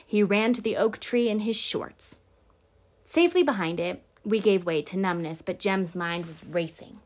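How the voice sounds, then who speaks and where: A woman teacher reading a novel aloud to her class, steady and clear. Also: medium pitch, normal speed.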